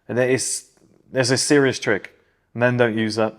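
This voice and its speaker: A man with a neutral British accent, co-hosting a casual podcast and telling stories in a blunt, animated way full of "like" fillers. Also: mid-range voice, moderate pace. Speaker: podcast co-host.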